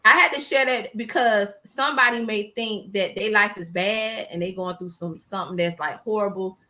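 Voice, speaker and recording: A woman in her forties, a small business owner, telling a personal story in a casual interview, animated and emotional, quoting herself and laughing between hard memories. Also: mid-range voice, moderate pace. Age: 40s.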